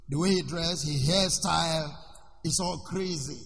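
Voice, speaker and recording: A man, a pastor preaching a sermon with sudden shouts and questions to the congregation. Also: a little high, a little slow, gravelly, long reverb tail, slight background noise. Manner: preaching with shouts and call-and-response.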